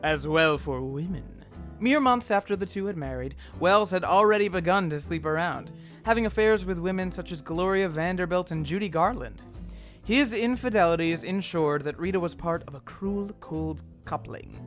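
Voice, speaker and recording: Higher-pitched man narrating dryly. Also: lively intonation, brisk, fairly bright tone, faint music behind. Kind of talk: scripted podcast narration.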